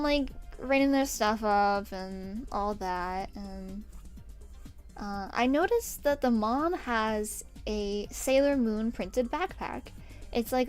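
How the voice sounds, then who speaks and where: A young woman streamer telling a story in a chatty, self-mocking way, laughing often. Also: mid-range voice. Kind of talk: casual storytime while drawing.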